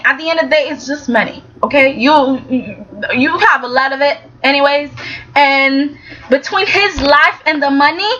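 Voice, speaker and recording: A woman giving a chatty, animated vlog recap, often tagging her sentences with "okay?". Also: high-pitched, highs cut off, a little hiss or hum. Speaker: soap opera reviewer.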